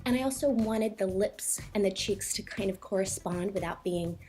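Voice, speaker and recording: A young woman talking through a makeup tutorial in a chatty, quick way, a little out of breath. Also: mid-range voice, dark tone. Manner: chatty, quick, filler-heavy. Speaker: makeup vlogger. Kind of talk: casual makeup tutorial voice-over.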